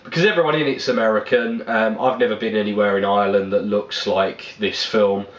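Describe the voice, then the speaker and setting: A man's voice: lowish voice, fairly even intonation, brisk, echoey room, dull audio. A man giving a casual spoken movie review, rambling and blunt, swearing freely.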